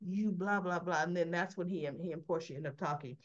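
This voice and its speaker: A woman's voice: fairly low pitch, lively intonation, brisk, few pauses. Chatty woman recapping a soap, lo-fi. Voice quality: chatty, acts out quoted lines. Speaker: soap opera recap vlogger. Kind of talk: casual episode recap. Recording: slightly dull lo-fi recording.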